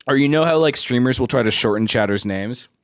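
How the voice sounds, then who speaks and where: Twenties male streamer, laid-back storyteller, expressive and bouncy delivery, dry room. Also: mid-range voice, no room sound. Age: 20s. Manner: rambling anecdotal storytelling, laughs often. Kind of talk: casual live-stream chat with viewers.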